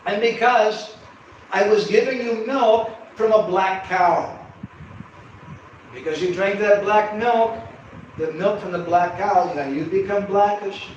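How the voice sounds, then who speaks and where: A man voicing a loving mother who gently soothes her crying son. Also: high-pitched, slow pace, dull audio, pitched above the performer's own voice. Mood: soothing. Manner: tender, soothing. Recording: echoey hall from far off, background hum.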